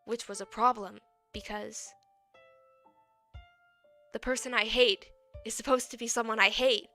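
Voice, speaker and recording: Young woman, 18, chatty streamer; smooth, clear voice. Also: a little high, bright, forceful tone. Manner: rambling, chatty. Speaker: VTuber. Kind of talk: casual chat.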